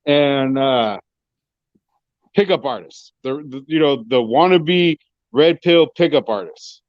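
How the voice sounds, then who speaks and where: A man's voice: mid-range voice, slow pace, dry recording. A young man speaking as a guest over an online call, hesitant and leaning on "you know" as he makes his point. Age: young adult. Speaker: guest on a livestream. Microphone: online call connection. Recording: dull, dry lo-fi call audio.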